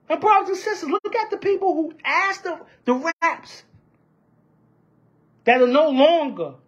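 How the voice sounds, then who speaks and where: Woman going off about union stuff, high voice that swoops all over, keeps repeating herself, fiery. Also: lo-fi sound. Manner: fiery, repetitive, rhetorical questions. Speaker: union member. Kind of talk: impassioned union-politics rant.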